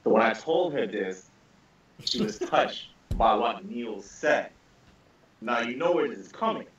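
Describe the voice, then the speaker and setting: A man's voice: mid-range voice, sing-song, a little slow. A man on a casual group podcast who tells a story with lots of energy, stammering, repeating words and swearing freely. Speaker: podcast panelist. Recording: roomy, distant, dull lo-fi call audio.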